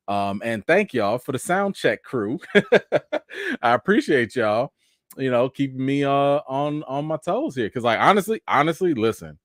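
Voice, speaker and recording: A man hosting a live stream with three young daughters, talking in a relaxed, chatty way and greeting viewers one by one, in a casual voice. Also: fairly low pitch, no room sound. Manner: laid-back, chatty, greets viewers by name.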